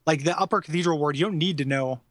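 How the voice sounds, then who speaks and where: A man co-hosts a podcast in a quick, rambling way, with a voice that sits a little higher than usual. He talks fast and piles on fillers and restarts. The sound is dry and close to the mic. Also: fairly bright tone, no room sound. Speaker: podcast co-host. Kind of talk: casual chat.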